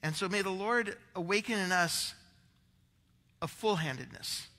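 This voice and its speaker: A man's voice: sits high, a little slow, bright, forceful tone, in a large hall. A male pastor preaching a rambling, conversational sermon, out of breath, with many restarts.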